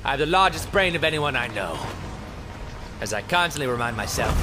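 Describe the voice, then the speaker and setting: A man's voice: mid-range voice, animated, brisk, pushed and bright, faint music behind. A young man giving goofy, rambling gameplay commentary, joking at his own expense and breaking into mock screams. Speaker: let's play commentator.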